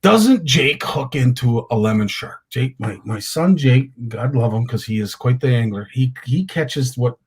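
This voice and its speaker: A man's voice: mid-range voice, lively intonation, a little slow, hardly any pauses, husky. A middle-aged man, hosting a fishing talk show and telling rambling anecdotes with lots of restarts. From Canada. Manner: rambling storyteller with many restarts. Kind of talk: casual chat, telling anecdotes.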